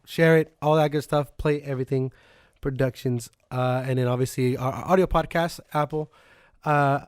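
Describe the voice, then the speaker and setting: A man's voice: mid-range voice, steady tone, moderate pace, clear, resonant tone, no echo, clean studio sound. A man hosting a casual gaming podcast, joking and swearing freely as he talks. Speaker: podcast host. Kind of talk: casual chat.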